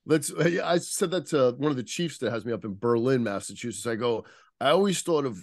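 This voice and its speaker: A man with a medium-pitched, animated voice talks a little fast as a guest on a casual podcast interview. He teaches nonverbal communication and explains things like an instructor, pausing now and then to search for the right word. The recording is dry, with clean studio sound.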